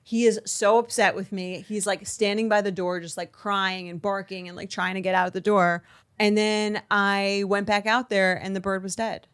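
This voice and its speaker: A young adult woman co-hosting a podcast, telling a rambling, animated story full of "like" in casual chat. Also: medium pitch, normal speed, clear, resonant tone. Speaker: podcast co-host.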